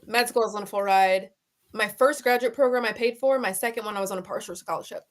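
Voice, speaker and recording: A woman being interviewed talks with animated, expressive energy. Her voice sits in a middle register, and she laughs easily as she goes. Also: medium pitch, quick pace. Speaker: guest. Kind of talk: interview conversation.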